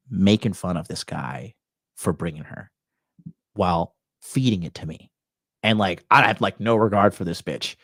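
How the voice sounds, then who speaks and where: With a fairly low pitch, a man hosting a dating talk show in Tokyo brags his way through a crude, expletive-heavy story. He works as a dating coach and podcast host, and the recording is dry, clean studio sound.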